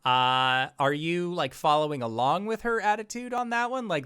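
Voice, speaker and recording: A man's voice: a little high, sing-song, normal speed, few pauses, fairly bright tone, clear, resonant tone. A man narrating as game master of a tabletop role-playing game, loose and full of fillers.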